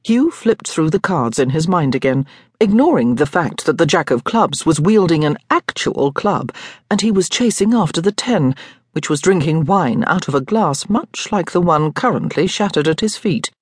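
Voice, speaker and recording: A woman narrating an audiobook with expressive, lively storytelling. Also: deep voice, moderate pace, breathy edge, no room sound, studio quality. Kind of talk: scripted narration.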